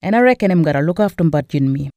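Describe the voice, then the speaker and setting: A man's voice: a little high, lively intonation, rapid-fire, mellow, dry recording. A man with an Australian Kriol accent voicing Naomi, an eager older widowed woman, in a Bible story reading. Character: older widowed mother-in-law, excitable.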